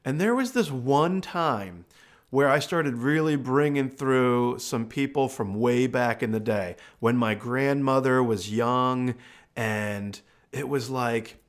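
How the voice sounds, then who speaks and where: A male host and medium tells a family story in a loose, conversational way. His voice sits at a middle pitch, and he fills his pauses with casual asides. It sounds like easygoing podcast talk. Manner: relaxed, chatty, with fillers like uh and you know.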